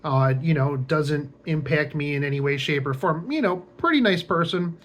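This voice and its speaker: A man's voice: on the high side, lively intonation, normal speed, fairly bright tone. A young man telling a casual, rambling story as a vlogger, full of fillers, restarts and wry, sarcastic asides.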